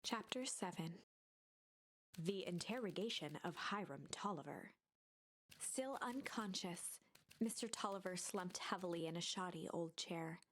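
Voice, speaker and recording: A woman streamer reading a visual novel aloud in hushed, whispered narration. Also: on the low side, measured pace, a little hiss or hum. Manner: hushed, breathy storytelling. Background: music.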